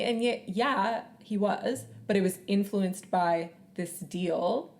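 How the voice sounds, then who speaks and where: A woman's voice: mid-range voice, slow pace, a little mellow. A chatty young woman co-hosts a casual book podcast without her usual mic. She speaks in an agreeable way and keeps murmuring along while her friend talks. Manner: chatty, agreeable, frequent back-channel murmurs. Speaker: podcast co-host. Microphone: borrowed mic, sound a little different.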